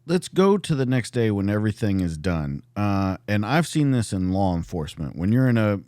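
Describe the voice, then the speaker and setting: A man hosting a podcast interview, asking a long, halting question. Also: fairly low pitch, sing-song, mellow, no room sound, studio quality. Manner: searching, halting phrasing. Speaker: podcast host.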